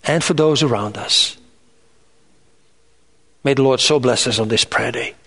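A man preaching a sermon in an earnest, measured way, rising in pitch on emphatic lists. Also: a bit bright, breathy edge. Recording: reverberant hall sound.

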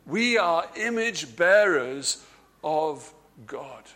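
A man preaching a sermon, stressing key words by slowing down and dropping his voice, with frequent repeated words and restarts. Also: very animated, sharp tone. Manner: emphatic, slows and drops low on key words.

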